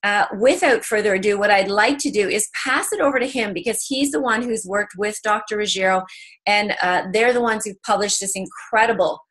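A woman's voice: mid-range voice, brisk, fairly bright tone. Woman hosting an online lecture. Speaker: host. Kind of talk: event introduction.

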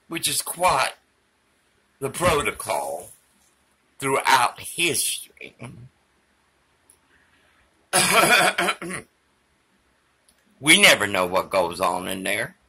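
A man's voice: medium pitch, sing-song, takes it slowly, long pauses, sharp tone, husky. A man giving a theatrical, emphatic political monologue. His voice is failing, and he slips Spanish phrases and prayer into it.

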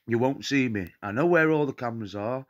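With a medium-pitched voice and lo-fi sound, an English man speaking in Nottinghamshire English delivers an angry rant straight to camera. He is a paranormal vlogger, and he comes across as defiant, indignant and given to repeating himself.

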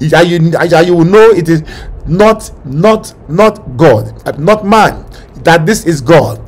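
A man's voice: fairly high pitch, animated, takes it slowly. A male preacher leading a fervent prayer sermon, commanding and repetitive, with bursts of speaking in tongues.

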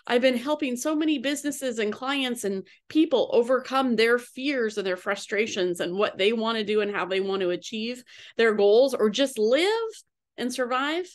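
A middle-aged woman coach telling a personal story in an earnest way, with pauses and fillers. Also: on the high side.

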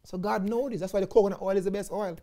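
A man with a Jamaican accent, an evangelist preaching a sermon in an animated way, often calling his listeners "friends". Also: high voice, very fast.

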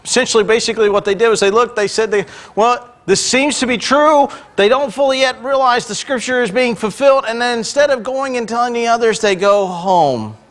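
A man with an extremely high-pitched voice talks fast and barely pauses. He's a pastor preaching a sermon in a church sanctuary, retelling scripture in everyday language and slipping in joking asides.

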